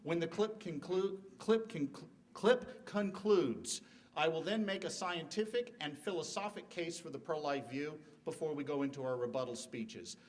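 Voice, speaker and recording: A man's voice: on the high side, normal speed, recorded from a distance. A middle-aged man giving a formal debate speech in a university hall, emphatic, with rhetorical questions and joking asides. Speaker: debate speaker.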